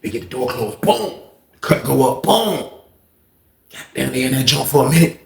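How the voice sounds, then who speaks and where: A man telling a story in a casual, animated, profane way, full of repetition. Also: medium pitch, moderate pace, vocal fry, reverberant.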